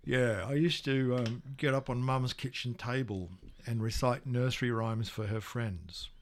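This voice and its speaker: A man hosting, with jokey, expressive banter about stage work. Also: mid-range voice, unhurried. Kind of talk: casual chat.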